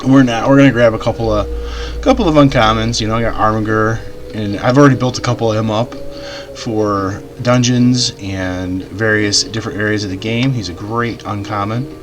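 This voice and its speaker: Low-voiced man chatting about a game. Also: fairly even intonation, moderate pace. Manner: enthusiastic, chatty gamer slang. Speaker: gaming channel host. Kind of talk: casual gameplay commentary.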